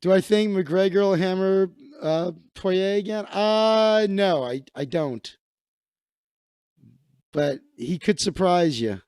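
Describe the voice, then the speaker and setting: A man's voice: sits high, slow, darkish tone, smooth, no room sound, clean studio sound. A man hosting a casual comedic livestream, riffing crudely and sarcastically on news clips. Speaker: livestream host.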